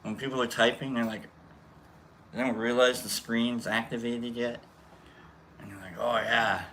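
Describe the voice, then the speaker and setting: Bright-voiced playful livestream host man. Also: mid-range voice, level tone, normal speed, a little hiss or hum. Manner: playful, mock-formal greeting of chat viewers. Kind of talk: casual livestream chat.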